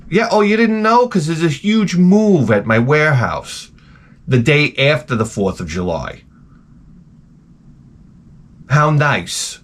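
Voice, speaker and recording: Man vlogging, rambling rant, profane, exasperated, swooping pitch, loud then muttering. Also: sing-song, moderate pace. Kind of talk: rambling ranting monologue.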